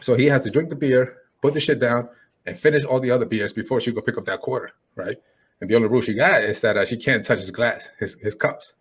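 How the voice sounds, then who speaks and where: Husky-voiced man acting out a bar story. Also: fast talker. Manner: animated storyteller, acts out quotes, repeats "boom, boom" and "right?". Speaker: podcast co-host. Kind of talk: casual storytelling chat.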